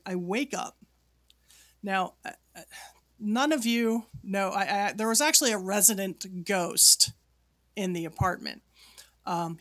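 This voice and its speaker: A woman's voice: medium pitch, fairly bright tone. A woman co-hosting a casual podcast chat, animatedly telling a spooky story and acting out the dialogue. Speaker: podcast co-host.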